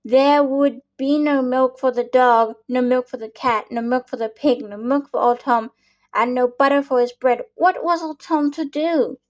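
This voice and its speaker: A woman reading a children's picture book aloud, slowly and patiently, with small slips and restarts. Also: high voice, fairly even intonation. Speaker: storyteller. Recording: dull lo-fi recording.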